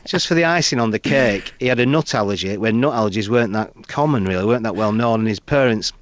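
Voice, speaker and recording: A man's voice: fairly low pitch, fast, no room sound. A middle-aged man with a Northern English accent, a comedian telling anecdotes in a radio interview. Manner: animated, acts out quoted voices. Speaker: comedian guest. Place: radio studio.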